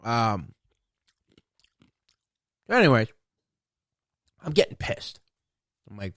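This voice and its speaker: A man's voice: medium pitch, lively intonation, normal speed, pauses often, dry recording, clean studio sound. Profane, rambling young man ranting. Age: young adult. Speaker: podcast host. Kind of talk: rambling solo podcast rant.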